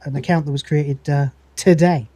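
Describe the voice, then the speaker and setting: A man hosting a livestream, casually recapping a comedy episode, swearing and rambling, reading out lines in quick voices. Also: a little high, steady tone, warm tone, no echo. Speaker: podcast host.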